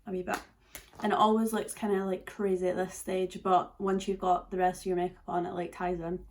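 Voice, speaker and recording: A nineteen-year-old beauty vlogger from Scotland chats casually through a makeup tutorial, using plenty of fillers and sometimes dropping to a whisper. Her voice is on the low side, level in tone and a little fast.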